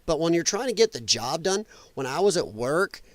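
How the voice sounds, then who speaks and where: A man's voice: fairly high pitch, sing-song, moderate pace, no echo. A man from the United States hosting a livestream, reacting to clips with blunt, profane, sarcastic commentary. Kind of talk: casual ranting commentary.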